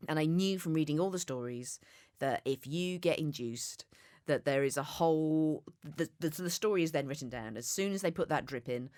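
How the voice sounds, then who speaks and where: A woman's voice: deep voice, moderate pace, a little mellow, no echo, clean studio sound. A woman, a podcast guest, telling candid, self-deprecating stories in casual conversation.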